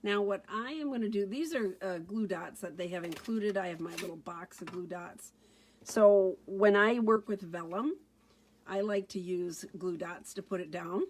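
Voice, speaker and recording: A woman's voice: medium pitch, normal speed. A woman giving a casual card-making tutorial, chatting through each step as she works.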